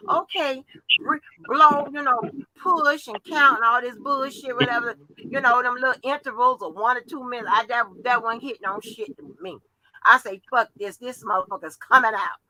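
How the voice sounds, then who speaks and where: Woman, very bright voice, animated, profane, casual storytelling. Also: on the high side, normal speed, poor audio.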